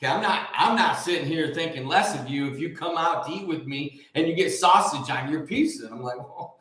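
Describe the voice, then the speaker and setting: Man, casual preacher, joking, rambling, high voice, very echoey room. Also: fairly quick, fairly bright tone. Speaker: host and preacher. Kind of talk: casual live preaching talk.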